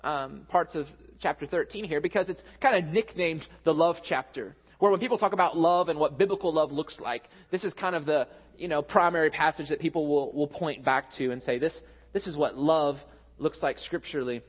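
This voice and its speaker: Earnest pastor in an echoing church hall. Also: male voice, fairly high pitch, fairly quick, hardly any pauses, husky. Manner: conversational, earnest, builds up when telling stories. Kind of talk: sermon. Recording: muffled with a long hall echo.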